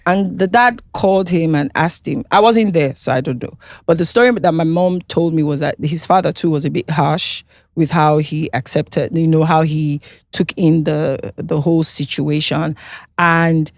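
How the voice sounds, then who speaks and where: With a deep voice captured in studio quality and free of room sound, a Nigerian singer tells her life story candidly as an interview guest. She speaks Nigerian English in a halting way, restarting often and checking in with "you understand?".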